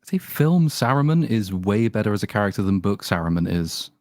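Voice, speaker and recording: Fast-talking opinionated male reviewer. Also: on the low side, sing-song, darkish tone, no room sound, studio quality. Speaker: reviewer on a panel. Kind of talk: casual panel chat.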